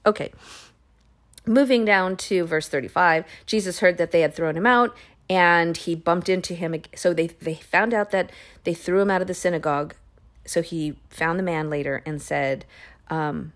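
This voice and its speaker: A woman hosting a Bible podcast, retelling a chapter in a casual, animated way with playful, sassy asides. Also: lowish voice, measured pace. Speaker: podcast host reading and discussing the Bible.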